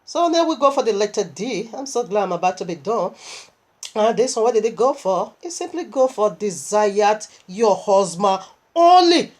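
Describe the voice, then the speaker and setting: A woman's voice: medium pitch, normal speed. Unwell woman preaching animatedly. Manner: animated, emotional storytelling with laughs. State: unwell and tired. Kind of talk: sermon.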